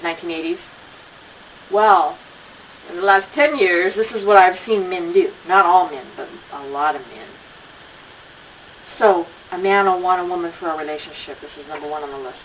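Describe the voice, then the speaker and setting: A woman's voice: fairly low pitch, fairly bright tone, far from the mic, slight background noise, poor audio. An older woman talking casually on camera, telling stories with laughing asides. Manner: chatty storytelling, acts out quoted voices, laughing asides. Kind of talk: casual monologue.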